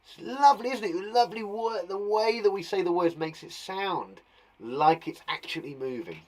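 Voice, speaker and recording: A young primary school teacher with a British accent leads an online lesson for young children from his garden shed classroom. His voice is high, animated and a little mellow, at a normal speed. He encourages the kids playfully, acting out sound words with gasps and laughter.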